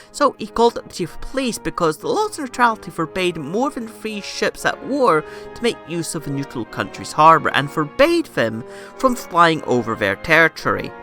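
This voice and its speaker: A woman's voice: low voice, pushed and bright. A woman telling a history story in a sarcastic, irreverent comedic style. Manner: sarcastic, irreverent, swears casually.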